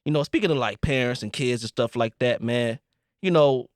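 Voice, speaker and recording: A man's voice: medium pitch, moderate pace, no echo, clean studio sound. A young man co-hosting a podcast, telling stories in casual, crude banter with lots of slang. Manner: animated storytelling, crude slang. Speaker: podcast co-host. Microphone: studio podcast mic.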